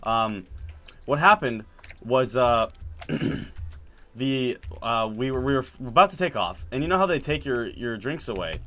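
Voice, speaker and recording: A man telling a story in casual chat while playing a game, animated and laughing as he acts out quotes. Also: mid-range voice, measured pace. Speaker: gaming video host. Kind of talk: casual storytelling over gameplay.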